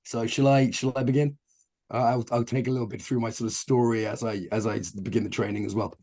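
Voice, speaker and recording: Hoarse man on a video call. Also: mid-range voice, little pitch movement, quick pace, darkish tone. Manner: jokey, self-deprecating, informal. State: hoarse, voice nearly gone. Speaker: trainer. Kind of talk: online training talk.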